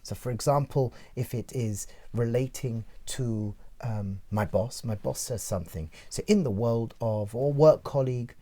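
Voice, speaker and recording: A rabbi with a strong English accent teaching in a podcast discussion, animated and acting out everyday scenes. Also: male voice, medium pitch, measured pace, hardly any pauses. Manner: animated, acts out scenarios in character voices.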